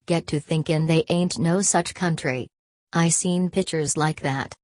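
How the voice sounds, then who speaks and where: A woman's voice: low-pitched, fairly even intonation, measured pace, a little mellow, no room sound. A woman reading the part of a blunt, restless young man who speaks in plain country talk, in an audiobook.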